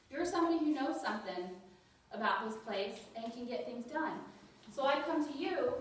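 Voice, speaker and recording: A woman's voice: high voice, slight background noise. Woman trainer in an echoey room. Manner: conversational, asks the room questions. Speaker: dementia care trainer. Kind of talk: staff training talk. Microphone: distant mic. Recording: very echoey room, distant mic.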